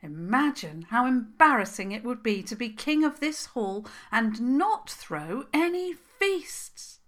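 A woman voicing a clever, stubborn young princess in a children's story, speaking loudly, slowly and emphatically, higher than her narration. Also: very animated. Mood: emphatic. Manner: loud, slow, coaxing and emphatic.

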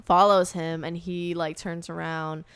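A young woman in casual conversation, retelling movie scenes in quick bursts and acting out the lines. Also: on the low side, little pitch movement, heavy background noise. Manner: talks in quick bursts, acts out quotes. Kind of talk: casual chat recapping a movie.

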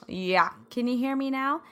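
Woman host, Midwest-raised, solo podcast chatter; bubbly, laughs a lot, slightly scratchy hoarse throat, bright sharp tone. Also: fairly high pitch. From American Midwest. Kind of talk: casual solo podcast chat.

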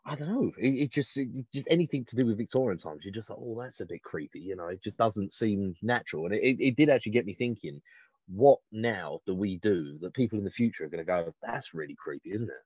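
A man with a lowish voice, chatting enthusiastically on a podcast. He acts out quotes as he talks. The recording is dry and a little dull. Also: lively intonation, quick pace, breathy edge, no room sound. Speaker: podcast co-host. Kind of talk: casual chat.

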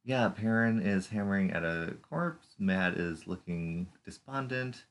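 Very deep-voiced man recapping a show. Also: unhurried. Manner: playful, puts on silly voices and puns. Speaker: podcast co-host. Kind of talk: casual chat recapping a TV episode.

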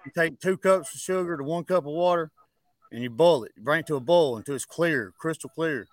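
A man's voice: on the high side, fairly quick, no room sound. Plainspoken moonshiner man, dry sound. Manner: easygoing, plainspoken explainer. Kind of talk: casual podcast chat.

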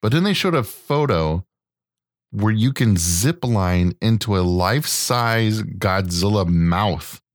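A man's voice: lowish voice, animated, slow, no room sound, studio quality. An American man in his thirties, co-hosting a podcast in casual chat, joking, swearing often and acting out quotes. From United States. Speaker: podcast co-host.

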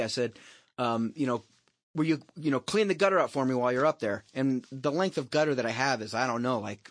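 A man's voice: medium pitch, dry recording. A middle-aged man telling a personal story on a podcast, candid and rambling, swearing freely and restarting his sentences. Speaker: podcast host. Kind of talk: casual storytelling chat.

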